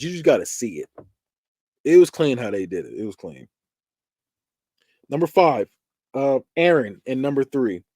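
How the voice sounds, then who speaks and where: A man with a mid-pitched voice talks through horror movie deaths in a loose, casual recap. His pitch swings widely as he acts out quotes and screams. The sound is dry and close, with no room around it. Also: no room sound. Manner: animated, acts out quotes and screams, laughs often. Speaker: podcast host.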